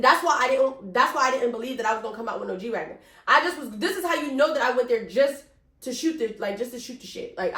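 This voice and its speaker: A young woman telling a casual storytime vlog, animated and chatty, swearing freely and calling her viewers y'all. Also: on the high side, echoey room. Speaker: vlogger.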